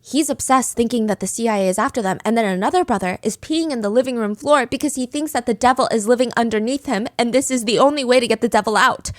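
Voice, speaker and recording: A woman's voice: fairly high pitch, quick pace, few pauses, dry recording, clean studio sound. A woman hosting a true crime podcast, retelling a case in a chatty, dramatic way with casual asides. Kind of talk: casual storytelling.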